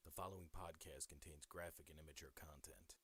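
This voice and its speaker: Deep husky male announcer. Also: fairly even intonation, a little fast, a bit bright. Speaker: show announcer. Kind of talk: scripted intro warning.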